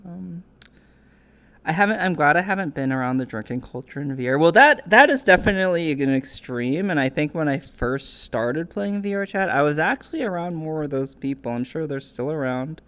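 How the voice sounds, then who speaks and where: A young woman talking casually as an interviewer on a stream. Her voice sits a little low, but it swings widely as she tells stories, laughs often and jumps into squeaky quoted voices. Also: expressive, normal speed, fairly bright tone.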